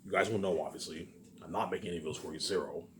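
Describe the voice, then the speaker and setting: A Canadian vlogger talks alone to camera in a rambling, repetitive monologue, swearing often, stressing his points emphatically and repeatedly saying "obviously". His voice sits low with a steady tone, he speaks at a racing pace, and the background is noisy.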